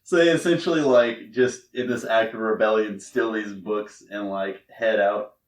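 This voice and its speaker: A man's voice: on the low side, steady tone, normal speed, recorded from a distance. A man co-hosting a podcast, recapping a comic in a casual, rambling way full of fillers and swearing. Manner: rambling, filler-heavy and profane. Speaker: podcast co-host. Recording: roomy and off-mic with faint noise.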